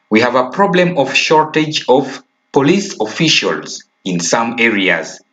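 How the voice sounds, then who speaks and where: A man's voice: on the low side, fairly bright tone. A man with a Ugandan English accent teaching a recorded primary school lesson, stressing key words and checking in with "okay?". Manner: slow, emphatic, repeats key words and asks "okay?". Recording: dull lo-fi recording.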